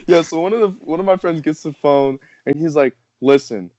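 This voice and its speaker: On the high side and mellow, this young man's voice carries no echo as he hosts a podcast, quickly recounting a casual, rambling story packed with fillers and laughter. The podcast sound is dry and dull.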